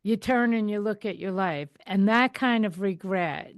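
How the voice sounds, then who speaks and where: A woman's voice: medium pitch, measured pace, dry recording, clean studio sound. A woman hosting a podcast interview who chats casually and affirms her guest often. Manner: affirming, frequent backchannels, casual. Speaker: podcast host.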